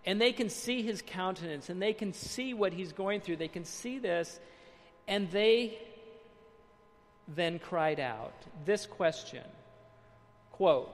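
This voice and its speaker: A man preaching a sermon, reading quotes aloud, then explaining them with dramatic pauses and hushed emphasis. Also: sits high, lively intonation, big-room sound.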